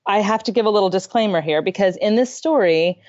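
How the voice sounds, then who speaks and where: Woman guest, candid storyteller, mid pitch, slightly muffled remote audio. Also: fairly quick. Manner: candid, self-deprecating, animated. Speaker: parenting author guest. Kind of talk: conversational storytelling. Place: her own room at home.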